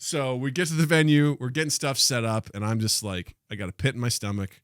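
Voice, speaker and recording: A man co-hosting a podcast, telling a story in casual chat and acting out the quotes with lively jumps in his voice. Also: medium pitch, brisk, clean tone, no room sound, clean studio sound. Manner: animated storyteller, acts out quotes. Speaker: podcast co-host.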